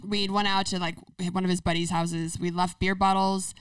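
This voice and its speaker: A woman's voice: fairly low pitch, normal speed, clear, resonant tone, no echo, far from the mic, rough recording. A young woman telling a long story in casual chat, acting out what others said. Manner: animated storyteller, acts out quotes.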